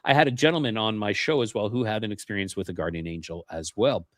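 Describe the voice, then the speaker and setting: A man's voice: on the low side, fast, no room sound, clean studio sound. Earnest man telling paranormal stories. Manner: earnest, repeats words when starting sentences. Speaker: podcast guest. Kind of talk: paranormal interview storytelling.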